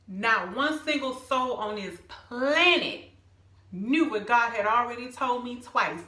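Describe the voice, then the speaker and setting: A middle-aged woman, telling a personal church testimony in an emphatic, animated way and calling her viewers "y'all". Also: on the high side, a little slow, roomy sound. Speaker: vlogger sharing a personal testimony. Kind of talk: casual storytelling testimony.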